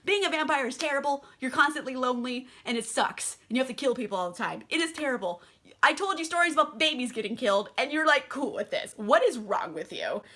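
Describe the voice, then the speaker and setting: A woman's voice: sits high, fast, heavily acted. Woman voicing a numb, jaded vampire man. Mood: flat, exasperated. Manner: flat, dismissive, swears bluntly. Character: jaded numb male vampire, weary and blunt.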